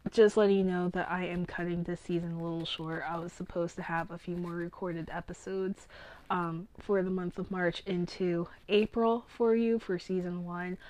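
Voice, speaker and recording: Sick woman with a husky, fading voice. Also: level tone, normal speed, darkish tone, poor audio. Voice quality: husky, low from illness. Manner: chatty, with frequent ums. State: sick, losing her voice. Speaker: podcast host. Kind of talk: casual podcast announcement.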